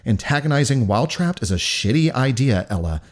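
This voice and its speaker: A man's voice: medium pitch, big pitch swings, brisk, pitched above the performer's own voice. A man reading the lines of a trapped, furious young woman who swears and coaches herself in clipped bursts. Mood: tense self-talk.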